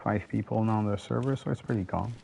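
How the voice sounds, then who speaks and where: A man's voice: on the low side, fast talker, vocal fry, darkish tone, a little hiss or hum. A French Canadian man whose first language is French, giving chatty, rambling gameplay commentary with casual swearing. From Quebec, Canada. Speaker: gaming channel host.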